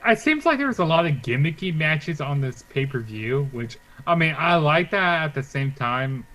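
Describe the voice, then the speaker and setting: A man's voice: on the high side, sing-song, normal speed, a bit bright, low-quality recording. A man co-hosting a casual wrestling chat, talking loosely with lots of fillers and letting sentences trail off. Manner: chatty, filler-heavy, trailing off. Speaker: co-host.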